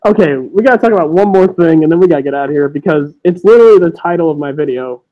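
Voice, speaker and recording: A young man hosting a wrestling podcast, his high voice rushing through excited, profane chatter. The recording sounds dull and lo-fi, like a cheap home setup. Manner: excitable, fast, swears, mimics wrestlers. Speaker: podcast host. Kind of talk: casual wrestling chat.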